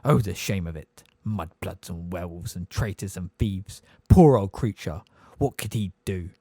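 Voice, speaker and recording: A man voicing an old male house elf, hoarse and deep, muttering bitterly under his breath in an audiobook. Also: moderate pace, warm tone, dry recording, clean studio sound.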